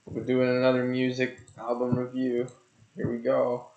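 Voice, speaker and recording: A young man talks through an album review in a loose, rambling, profane way, with frequent jokes. His voice has a gravelly edge. The recording sounds roomy and echoey, and the audio is a little dull. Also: medium pitch, completely flat delivery, normal speed, background noise. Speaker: music reviewer. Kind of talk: casual album review monologue.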